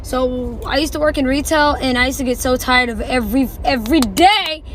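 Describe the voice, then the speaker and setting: A woman's voice: high-pitched, fairly quick, a little hiss or hum, low-quality recording. Rambling woman asking if she was wrong. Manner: rambling, hesitant, self-questioning. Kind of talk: casual storytime.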